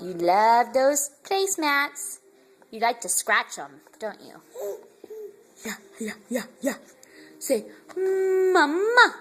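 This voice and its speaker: A woman's voice: on the high side, fairly bright tone. A mother in baby talk to her infant, doting and sing-song with frequent laughter, filmed indoors at home on a handheld phone. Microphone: handheld phone camera.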